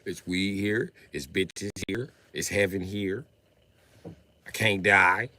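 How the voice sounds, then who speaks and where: Animated, profane comedian man, bright voice. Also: sits low, takes it slowly. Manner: animated, profane, jumps between shouting and mumbling. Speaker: livestream comedian. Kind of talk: comedic rant with acted-out voices.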